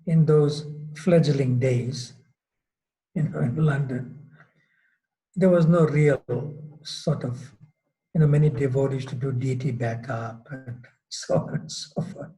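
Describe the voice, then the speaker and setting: A man's voice: medium pitch, steady tone, takes it slowly, dark tone, rough recording. A man giving a sermon as a swami, telling a story loosely with many fillers and restarts. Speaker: swami giving a scripture class. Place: temple hall.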